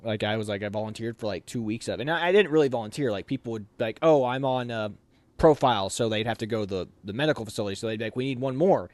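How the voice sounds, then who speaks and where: A man's voice: lowish voice, very fast, few pauses, no room sound. A young man casually telling a story from his army training, acting out the voices of others as he goes. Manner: animated, acts out quoted voices. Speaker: officer candidate interviewee.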